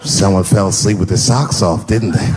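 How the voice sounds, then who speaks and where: A man telling stand-up stories on stage, animated, swinging between shouts and low mutters. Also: normal speed. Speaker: stand-up comedian. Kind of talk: stand-up storytelling. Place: stage before a live audience. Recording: live stage recording with background noise.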